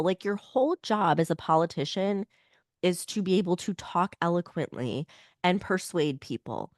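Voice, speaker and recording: A woman co-hosting a podcast talks in a blunt, opinionated way, full of "like" fillers. Her voice is on the lower side and sounds nasal and strained, as if she is unwell. The recording is close and dry, with no room sound. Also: animated, moderate pace, no room sound. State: voice strained from illness. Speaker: podcast co-host. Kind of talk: casual political chat.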